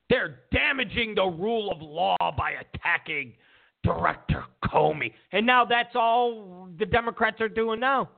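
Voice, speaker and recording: A man's voice: high voice, creaky. Sarcastic man ranting over a tinny line. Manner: sarcastic and mocking, stammers and restarts, mimics opponents in exaggerated voices. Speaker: political commentary show host. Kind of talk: casual ranting political commentary. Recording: tinny phone-like lo-fi sound.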